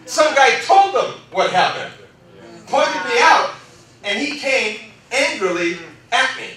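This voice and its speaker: A man pastor telling a story during a sermon, animated and acting out the voices of the people in it. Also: very high voice, slow pace. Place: church sanctuary. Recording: echoey church hall, mic at a distance.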